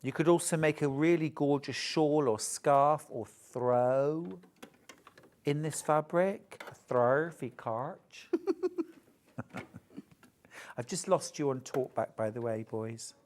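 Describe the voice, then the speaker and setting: A man's voice: fairly high pitch, slow pace, pauses often, a little hiss or hum. A man presenting a live shopping show, chatting and joking as he gushes over fabrics. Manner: chatty, gushing, jokey. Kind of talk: live sales chat.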